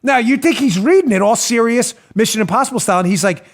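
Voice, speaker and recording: A man hosting a political talk show, delivering animated, sarcastic commentary and acting out mocking little scenes. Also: very high voice, quick pace, few pauses.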